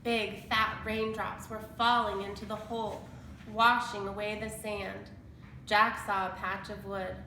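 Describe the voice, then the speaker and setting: Woman slowly reading a children's storybook. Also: medium pitch, flat delivery, pushed and bright, roomy sound, slight background noise, rough recording. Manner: slow, deliberate storytelling. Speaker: storybook reader. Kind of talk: reading a children's chapter book aloud.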